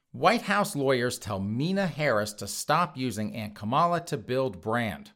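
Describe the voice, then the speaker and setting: A man's voice: medium pitch, a bit bright. Crude, sarcastic male news commentator. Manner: crude, sarcastic, laughing at his own jokes. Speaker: podcast host.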